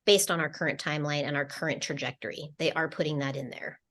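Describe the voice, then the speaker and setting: Relaying channeled messages on a spiritual podcast she co-hosts, this woman speaks in a low, steady, fairly bright voice. Her delivery is slow and rambling, packed with fillers and false starts.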